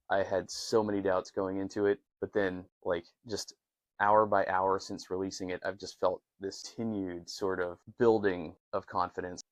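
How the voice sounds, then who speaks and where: Earnest male host, low-ish voice, dry close recording, talks a language lesson through step by step. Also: dry recording. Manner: earnest, thinking aloud, self-correcting. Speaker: host teaching Koine Greek. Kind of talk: casual language lesson, reading and translating aloud.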